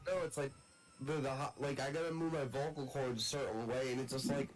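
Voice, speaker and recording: A man's voice: mid-range voice, steady tone, fairly quick, faint music behind, low-quality recording. A man with a congested, phlegmy voice from illness, chatting crudely and rambling with friends. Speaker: friend on stream. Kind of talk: casual chat.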